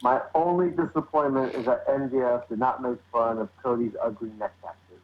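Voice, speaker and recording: A man's voice: mid-range voice, steady tone, fairly quick. A wry male co-host adds joking remarks in a mid-range voice. He comes through a tinny, phone-like line. His delivery is dry and teasing. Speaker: podcast co-host. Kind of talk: casual chat.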